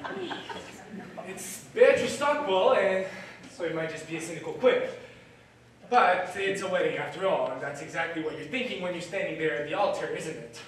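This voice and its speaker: A young stage actor, live in a theatre, plays a lonely musical fan confiding wistfully in the audience through direct address, in a musing mood. His voice sits on the high side with lively intonation and a moderate pace, close to an everyday voice. It's captured from far off with echo and a little hiss or hum.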